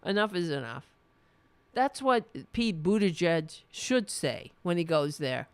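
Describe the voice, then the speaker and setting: A woman's voice: on the low side, expressive, slow, smooth, no room sound. A woman hosting a political livestream, ranting with passion, swearing freely and reading viewers' chat comments. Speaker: political talk show host.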